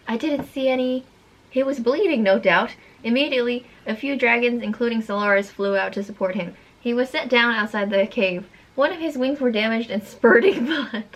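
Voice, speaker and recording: A woman's voice: fairly high pitch, moderate pace, rough recording. A young woman reading a childhood story aloud with exaggerated, theatrical delivery and joking complaints. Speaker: co-host, sister.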